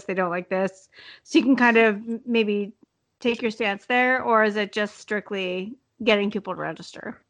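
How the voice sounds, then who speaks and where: A woman hosting a casual interview, winding her way through long questions full of "like" and "you know." Her voice sits at an average pitch for a woman. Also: a bit bright. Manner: chatty, rambling questions with many fillers.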